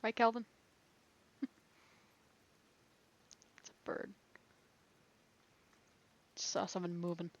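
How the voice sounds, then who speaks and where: A gaming video creator talks through a survival game out loud, chatty and rambling, laughing often. Her voice sits on the low side with a steady tone, and she speaks slowly with frequent pauses.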